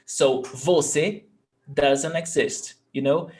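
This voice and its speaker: Slow, patient teacher. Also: male voice, a little high, animated. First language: Portuguese. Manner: patient, repeats words slowly for learners. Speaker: Portuguese teacher. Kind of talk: live online language lesson.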